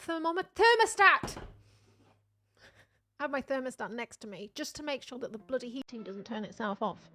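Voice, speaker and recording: High-voiced chatty woman streamer. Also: expressive, normal speed, a bit bright. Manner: chatty, rambling, self-deprecating with frequent laughs. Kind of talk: casual livestream chat.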